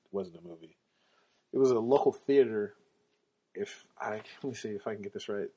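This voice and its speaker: A man hosting a podcast, telling casual stories in an animated, slangy way and laughing often. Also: lowish voice, breathy edge. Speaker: podcast host. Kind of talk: casual storytelling.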